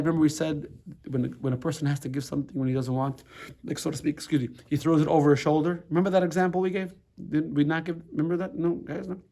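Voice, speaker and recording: A middle-aged American rabbi teaching a casual class, talking loosely, restarting his sentences and checking in with the room. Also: a little high. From United States. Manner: conversational, repeats words and restarts, asks the room "right?".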